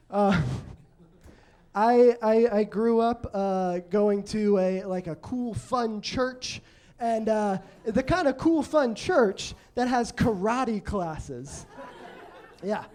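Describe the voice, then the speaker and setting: A man telling stories in a stand-up set on a comedy club stage, halting and self-deprecating, with many restarts. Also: sits high, darkish tone. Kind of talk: stand-up storytelling.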